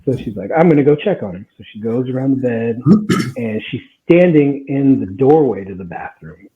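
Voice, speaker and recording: A man's voice: mid-range voice, moderate pace, a little hiss or hum. A man in his twenties casually telling a story on a podcast, laughing and acting out what people said. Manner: animated, laughing, acts out quotes. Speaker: guest storyteller. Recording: tinny phone-like sound.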